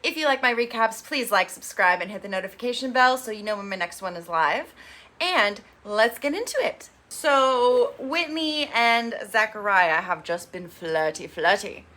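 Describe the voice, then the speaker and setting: A young woman with a bright, clear, mid-range voice hosts a casual TV recap. She's animated, chatty and sarcastic, dropping into quick impressions of the people she quotes.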